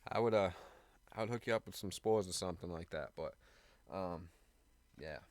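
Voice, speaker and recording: A man's voice: low-pitched, moderate pace, dry recording. A man co-hosting a live online show, chatting in a laid-back way and laughing easily. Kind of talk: casual chat on a live stream.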